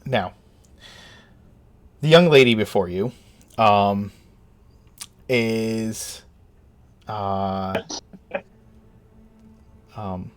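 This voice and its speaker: A man's voice: lowish voice, very slow, pauses often. A man running a tabletop game as dungeon master, narrating hesitantly with many ums and uhs.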